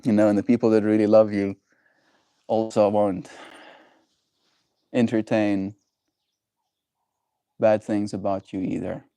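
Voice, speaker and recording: A man hosting a livestream, chatting with viewers and musing slowly and gently about emotions. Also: lowish voice, little pitch movement, clean tone, no echo. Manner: gentle, musing, thoughtful pauses. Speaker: livestream host. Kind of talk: reflective livestream chat.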